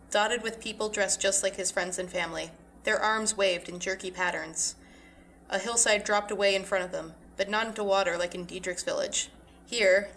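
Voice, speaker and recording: A woman, the author, reading her own short story aloud in steady scripted narration. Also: mid-range voice, a little hiss or hum.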